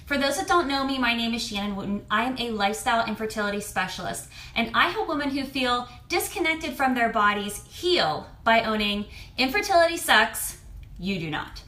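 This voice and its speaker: Woman in her thirties, candid coach vlog, high bright voice, echoey room. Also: normal speed. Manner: candid and expressive, with mild swearing. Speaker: fertility and lifestyle coach. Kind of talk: casual talk to camera.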